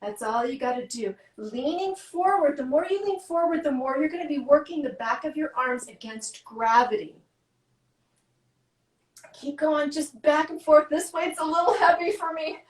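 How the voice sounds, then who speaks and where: High-voiced, winded fitness coach woman. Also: roomy sound, low-quality recording. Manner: encouraging, gives quick step-by-step cues. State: out of breath. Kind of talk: guiding a workout.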